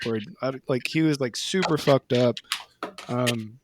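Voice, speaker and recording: A man's voice: medium pitch, normal speed. A young man in casual chat among friends, laid-back and swearing, telling party stories. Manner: laid-back, swears a lot, says dude. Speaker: podcast co-host.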